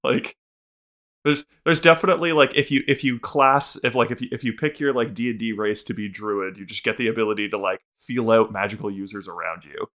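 A man's voice: lowish voice, a little fast, fairly bright tone. A man co-hosting a podcast in casual chat, rambling and swearing with many restarts. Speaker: podcast co-host.

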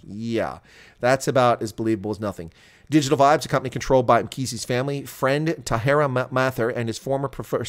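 Sarcastic man commenting on news. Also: on the low side. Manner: sarcastic, scornful, laughs at the news.

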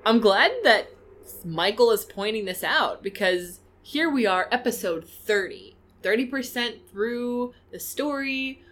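A woman's voice: fairly high pitch, lively intonation, measured pace, a bit bright. A woman co-hosting a casual podcast, reading listener comments aloud with playful asides. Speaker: podcast co-host.

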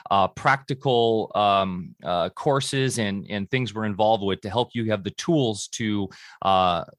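A man's voice: lowish voice, fairly bright tone, no room sound, clean studio sound. A man hosting a podcast over a video call, talking casually with many ums and uhs. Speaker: podcast host.

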